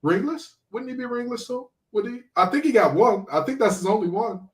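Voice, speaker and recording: A man co-hosting a sports podcast, trash-talking in an animated way and throwing in preacher-like exclamations. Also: high voice, a little fast. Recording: roomy, far from the mic.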